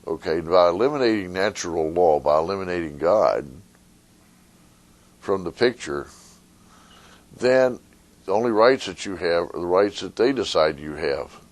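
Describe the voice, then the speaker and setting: A man, an attorney, giving a conversational talk to a live audience, sometimes acting out a fable with lively voices. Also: deep voice. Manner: conversational, retells a fable with rising animated voices. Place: meeting room with an audience.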